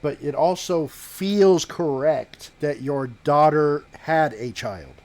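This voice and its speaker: A man running a tabletop game as game master, narrating the scene in a halting, measured way with pauses and restarts. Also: a little high, darkish tone.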